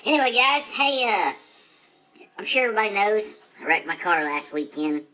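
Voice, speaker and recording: A man's voice: sits high, very animated, normal speed, bright, forceful tone, heavily acted, poor audio. A man playing a brash, foul-mouthed redneck drag racer in a comedic monologue, full of profane, rambling, boastful trash talk.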